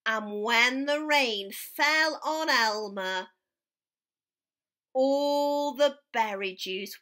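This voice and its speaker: A woman's voice: mid-range voice, pushed and bright. A woman teacher reading a children's story aloud and leading the children in sound effects. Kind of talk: children's musical story time.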